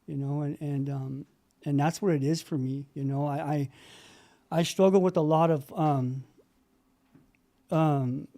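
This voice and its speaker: A man's voice: a little high, steady tone, slow pace, long pauses, warm tone. A middle-aged man sharing his recovery story on a video call, earnest and rambling, with many fillers and restarts. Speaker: meeting participant sharing.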